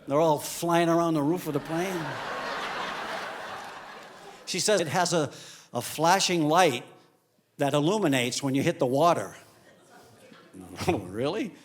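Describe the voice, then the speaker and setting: A male comedian telling animated stand-up stories on stage, acting out the people in them. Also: fairly high pitch. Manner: animated storytelling, acts out characters in quick asides. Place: comedy stage before a live audience. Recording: live club recording with audience noise.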